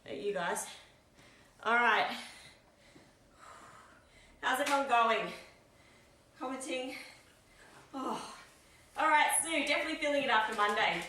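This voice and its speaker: An upbeat woman leads a weights workout, counting reps and cueing each breath. Her voice is very bright and sits fairly high. She sounds a bit away from the mic, in a room with a strong echo. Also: a little slow, pauses often, slight background noise. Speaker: fitness instructor. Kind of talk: live workout coaching. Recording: echoey room, mic at a distance.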